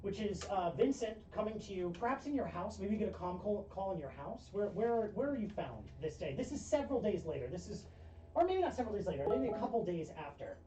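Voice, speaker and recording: A woman's voice: medium pitch, very animated, fast. A woman narrating as game master in a tabletop game, in a casual, rambling way with many fillers, recorded distant and roomy. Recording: roomy, distant, muffled mic with faint hiss.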